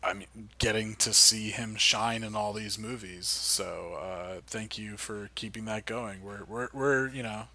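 A man's voice: fairly low pitch, steady tone, measured pace, few pauses, bright, forceful tone. A man co-hosting a podcast, rambling a little and repeating words as he thanks listeners. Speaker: podcast co-host. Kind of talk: casual podcast outro chat.

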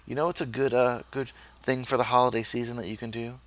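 A man's voice: medium pitch, level tone, fast. A man co-hosting a podcast, wrapping up the episode in a loose, friendly chat. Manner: loose, friendly sign-off with fillers. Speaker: podcast co-host. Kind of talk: casual podcast outro chat.

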